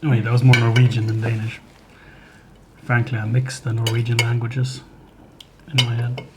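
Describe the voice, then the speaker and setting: A man hosting a live cooking stream, chatting slowly and thoughtfully and chuckling often. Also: medium pitch, monotone, heavy background noise. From Sweden. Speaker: livestream host. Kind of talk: casual chat while cooking. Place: home kitchen. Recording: kitchen clatter behind the voice.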